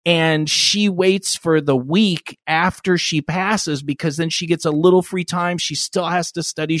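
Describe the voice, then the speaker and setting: Crude, rambling podcast host. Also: male voice, on the high side, no echo, clean studio sound. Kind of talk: casual chat.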